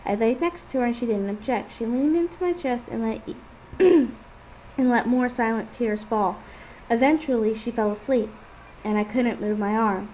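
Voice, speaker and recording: A woman's voice: a little high, moderate pace, mellow, slight background noise, low-quality recording. A woman casually reading her own first-person story aloud. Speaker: fan fiction author and reader.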